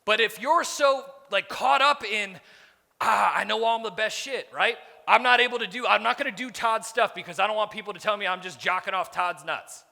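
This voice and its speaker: A man in his thirties delivers a profane, no-filter business talk from a conference stage, slipping into quick voices for the people he quotes. His voice sits high and sounds sharp and bright with a gravelly edge. A long hall reverb trails behind every line. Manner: blunt, profane, acts out quoted dialogue. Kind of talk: profane motivational keynote.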